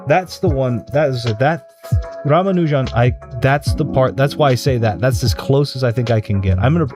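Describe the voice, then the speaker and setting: A man hosting a live stream in casual chat, rambling and hesitant, often restarting and correcting himself. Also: medium pitch. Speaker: streamer host. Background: background music.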